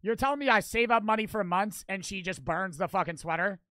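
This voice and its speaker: A young man streaming a reaction, ranting loudly and profanely while mocking what he watches. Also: sits high, fairly quick, no room sound. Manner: loud, profane, mocking rants. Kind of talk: crude live-stream reaction commentary.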